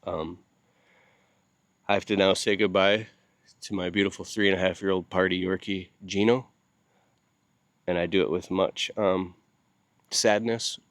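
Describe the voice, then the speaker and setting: A grieving man speaks straight to the camera in a low voice, stopping often and repeating himself. He sounds worn out from lack of sleep. The recording is close and dry, with no room sound. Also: fairly even intonation, no room sound. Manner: halting, with many pauses and repeated words; grieving and heartfelt. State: sleep-deprived. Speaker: video channel host. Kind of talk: casual talk to camera.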